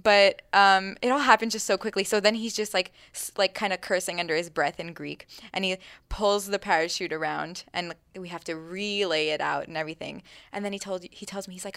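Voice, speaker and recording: Young woman, casual chat, animated storyteller, lots of fillers, dry close sound. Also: mid-range voice, brisk, hardly any pauses, dry recording. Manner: animated, many fillers, acts out her own thoughts.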